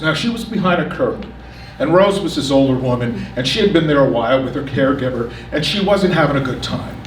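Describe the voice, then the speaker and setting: A man telling a comic personal story on stage and acting out the quotes with lively energy. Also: high-pitched, slight background noise. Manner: animated, comic, acts out the quotes. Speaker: storyteller at a community story event. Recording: echoey room, picked up from a distance.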